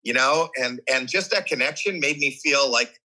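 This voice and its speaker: A man's voice: mid-range voice, moderate pace, rough recording. A man in his sixties as an interview guest, telling a story animatedly, acting out voices and reactions, with frequent restarts and repeated words. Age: 60s. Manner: animated, acts out voices and reactions while recounting. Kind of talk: candid storytelling conversation.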